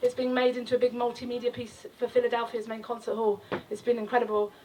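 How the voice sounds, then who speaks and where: A woman's voice: a little high, monotone, fast talker, distant mic, noisy background. A middle-aged woman performing her poetry live, with a rhythmic, impassioned delivery and chanted refrains. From England. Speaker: performance poet. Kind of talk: live spoken-word poetry. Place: outdoor festival stage.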